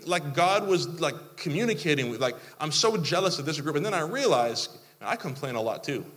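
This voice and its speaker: A man in his thirties preaching a sermon, animated, with mock-complaining asides. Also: a little high, brisk. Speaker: pastor. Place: church hall. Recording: long hall reverb.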